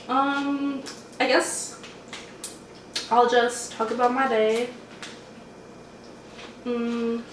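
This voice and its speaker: A young woman talks casually while eating at home, rambling in a laid-back way. Her voice sits a little high. The sound is roomy and comes from a mic set some way off, with a faint hiss beneath. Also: distant mic. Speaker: mukbang host.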